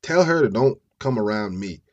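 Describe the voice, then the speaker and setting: A man's voice: lowish voice, expressive, moderate pace, muffled recording. A man voicing a fed-up young woman who scolds in blunt, profane slang. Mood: angry scolding.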